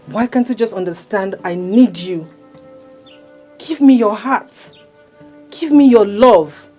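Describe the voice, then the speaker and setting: A possessive female water spirit speaks with a Nigerian accent in a husky voice. She coaxes and commands slowly and insistently. A thin bed of film music sits underneath. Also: medium pitch, expressive, mellow, low-quality recording. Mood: coaxing. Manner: coaxing and commanding, slow and insistent. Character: seductive female marine spirit princess, possessive. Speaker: spirit wife. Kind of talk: Nollywood film acting.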